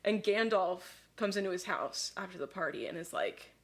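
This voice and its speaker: A woman's voice: on the low side, big pitch swings, moderate pace. A woman co-hosting a podcast, a little drunk, casually retelling a story with lots of fillers and laughing asides. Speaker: podcast co-host.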